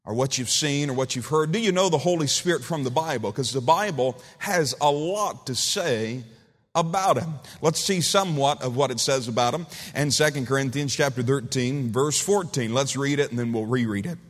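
Folksy preacher in a big hall. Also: male voice, mid-range voice, moderate pace. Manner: folksy, joking storyteller. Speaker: pastor. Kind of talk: sermon. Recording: reverberant church hall.

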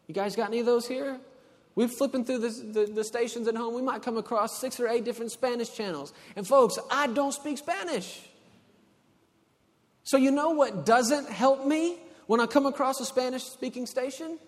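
A man with a high voice preaches to a congregation in a big hall, and long reverb trails after every line. He moves between hushed, intimate passages and loud, emphatic ones. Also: moderate pace. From Texas. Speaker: pastor. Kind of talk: sermon.

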